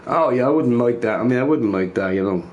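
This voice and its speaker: A man's voice: medium pitch, expressive, fast talker, a little mellow, lo-fi sound. A man ranting casually to his chat, repeating himself emphatically. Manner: emphatic, repeats phrases, says bro a lot.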